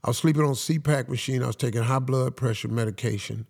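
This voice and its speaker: A man's voice: mid-range voice, fast talker, vocal fry, darkish tone. A man as a guest in an interview, telling his story in a folksy, casual way and often saying "man".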